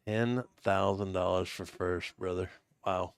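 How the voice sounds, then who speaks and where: A man with a fairly low voice chats through a live poker stream alongside his co-host. He comes across as laid-back and easily impressed, and he talks loosely and conversationally. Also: fairly even intonation, a little slow, clean tone, no room sound. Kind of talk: casual live-stream commentary.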